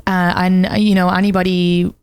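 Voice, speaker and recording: A woman co-hosting a casual podcast. She chats freely and answers the host with quick laughs and short agreements. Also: fairly low pitch, little pitch movement, a little mellow, clear, resonant tone, no room sound.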